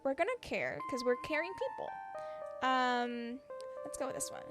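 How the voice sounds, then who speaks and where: Giggly high-voiced woman playing a game. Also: animated, moderate pace. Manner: giggly and playful. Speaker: game streamer. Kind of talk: let's play commentary. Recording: game music behind.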